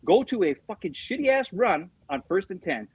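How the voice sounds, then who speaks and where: A man's voice: high voice, sing-song, normal speed, breathy edge, no echo, rough recording. A middle-aged man co-hosting a sports show, venting in heated, profane casual chat about his team's loss. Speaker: sports podcast co-host.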